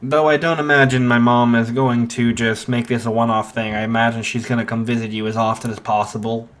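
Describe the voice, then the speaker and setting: A man's voice: mid-range voice, level tone, fairly quick, fairly bright tone, natural voice. A man voicing a blunt teenage boy in a read-aloud fan story, dry and matter-of-fact.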